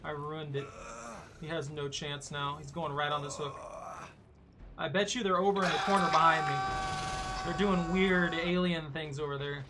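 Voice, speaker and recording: A man casually commentating his own gameplay, talking to himself and breaking into sudden loud whoops. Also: a little high, fairly even intonation, normal speed, pauses often, noisy background. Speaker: gaming streamer.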